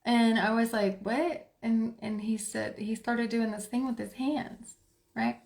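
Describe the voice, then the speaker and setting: Chatty woman with a higher voice. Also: little pitch movement, a little slow, creaky. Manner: chatty, many filler words, soft laughs. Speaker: spiritual reader. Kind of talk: casual storytelling to viewers.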